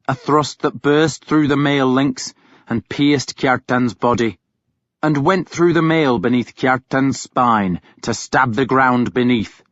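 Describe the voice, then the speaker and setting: Slow, measured male audiobook narrator. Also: mid-range voice, no room sound. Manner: measured, grave storytelling. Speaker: audiobook reader. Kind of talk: scripted first-person narration. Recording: dull, dry studio recording.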